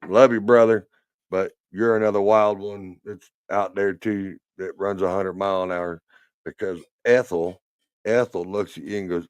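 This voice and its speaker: A man's voice: low voice, steady tone, moderate pace, clear, resonant tone, dry recording. A man hosting a trucking talk show, rambling and teasing in casual chat from his truck cab. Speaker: trucking podcast host. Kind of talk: casual chat while driving.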